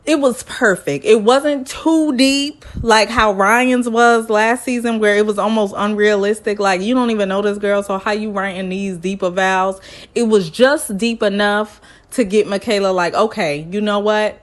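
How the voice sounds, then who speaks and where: A woman's voice: mid-range voice, fairly even intonation, moderate pace. A woman chatting through a reality TV episode recap, acting out what the people on screen said in other voices. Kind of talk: casual recap vlog.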